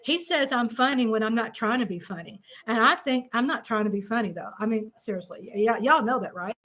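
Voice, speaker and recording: Playful woman streamer, high bright voice, unhurried chat, reads out viewer comments. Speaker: live stream host. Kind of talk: casual live stream chat.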